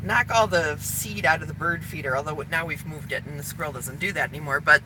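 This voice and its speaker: A woman chatting casually on a livestream while driving, holding her phone camera, telling animated stories. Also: low voice, fairly quick. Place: inside a car on a freeway. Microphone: phone camera held in hand. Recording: loud road and car noise.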